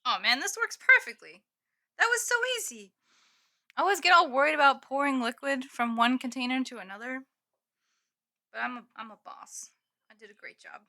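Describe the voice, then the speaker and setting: Woman streamer, casual home stream; bright, slightly high voice, giggly, loose with swearing. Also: a little fast. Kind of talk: casual live-stream chat. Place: home room with green screen.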